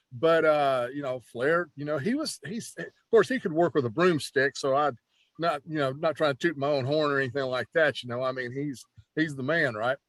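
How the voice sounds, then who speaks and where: A man who is a former pro wrestler, telling stories in a casual, animated interview with lots of "you know" and restarts. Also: a little high, dry recording.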